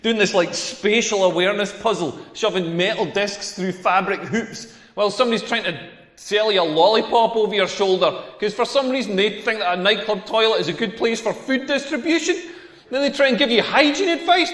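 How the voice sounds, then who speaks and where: A Scottish man does stand-up on a club stage, ranting through brash, rambling punchlines. His voice is high and fairly bright, with echoey club hall reverb.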